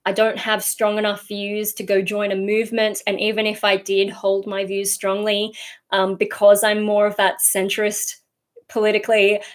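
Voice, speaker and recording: A chatty woman with a Sydney Australian accent, talking loosely through viewer comments on a livestream. Her voice sits at a medium pitch, and she wanders from point to point, padding her sentences with ums and likes. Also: monotone, moderate pace. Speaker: streamer answering chat. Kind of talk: casual livestream chat.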